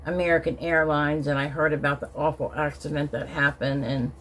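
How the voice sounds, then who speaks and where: In her low, steady-toned voice, a middle-aged woman briskly recounts a time she was upset in a casual vlog. The story rambles, full of restarts and emotional asides, with slight background noise.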